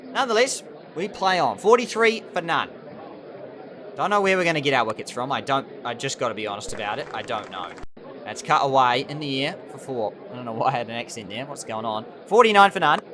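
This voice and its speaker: A young man giving excitable, animated play-by-play commentary over a cricket management game. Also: medium pitch, fast, some chatter behind, a little hiss or hum. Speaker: gaming channel host.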